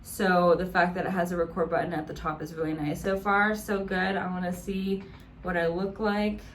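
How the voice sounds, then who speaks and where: A woman's voice: on the low side, level tone, moderate pace, a little hiss or hum. A young adult woman vlogging in a casual, gushing way, with many "like" fillers. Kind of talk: casual vlog chat.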